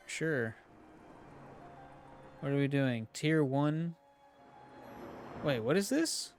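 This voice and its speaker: A man streams a video game, cracking jokes and reacting out loud as he plays. His voice sits a little high. Faint game music runs underneath. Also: expressive, very slow, long pauses. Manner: joking, reacts aloud to the game. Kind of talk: casual let's-play commentary.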